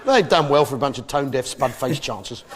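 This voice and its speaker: A man's voice: mid-range voice, expressive, quick pace. An English man doing live stand-up comedy in a brash, blustering way, full of tag questions. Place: theatre stage before a live audience. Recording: live show with crowd laughter and noise.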